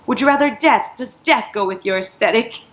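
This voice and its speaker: A woman's voice: a little high, brisk, a bit bright, slight background noise, lightly acted. A woman quoting a smug, mocking male demon. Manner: mocking, sarcastic.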